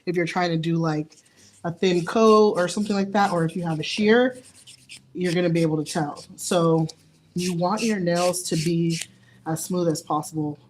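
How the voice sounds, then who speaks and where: Walking viewers through a live nail tutorial, a young woman keeps things relaxed and chatty at a normal speed, her voice sitting fairly low. She's quick to laugh at her own little slip-ups, and there's a slight hiss or hum on the recording.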